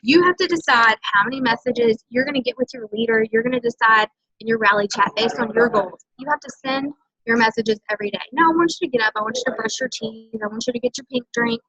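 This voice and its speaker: A woman with a high, bright-sitting voice coaches her sales team in an emphatic motivational talk. She keeps pressing her points and checks in with "okay?" The recording is dull and lo-fi. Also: quick pace, husky, dry recording. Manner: emphatic, coaching, often tags lines with "okay?". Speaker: senior direct-sales team leader.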